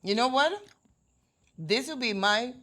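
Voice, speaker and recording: A woman co-hosting a casual tasting video who gushes playfully over each bite. Her voice sits high and swings widely in pitch. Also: animated, a little slow, fairly bright tone. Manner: playful, gushing reactions. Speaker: co-host. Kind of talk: casual food tasting chat.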